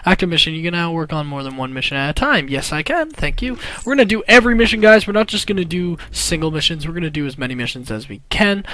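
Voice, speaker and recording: A let's play gamer commentating excitedly, laughing and yelling at enemies. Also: mid-range voice. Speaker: game player. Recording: gameplay audio behind.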